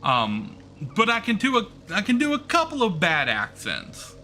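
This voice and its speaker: A man's voice: sits high, wildly swooping pitch, normal speed, sharp tone, faint music behind. A man streaming a game, chatting casually and rambling with many fillers and restarts. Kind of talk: casual chat while gaming.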